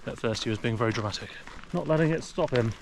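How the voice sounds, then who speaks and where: A man's voice: medium pitch, fast. Outdoor vlogger, English man, chatty, recorded on a camera in the woods with wind noise. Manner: chatty, talks to his dog in a raised sing-song voice. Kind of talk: casual walking commentary. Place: outdoors in a forest. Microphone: action camera.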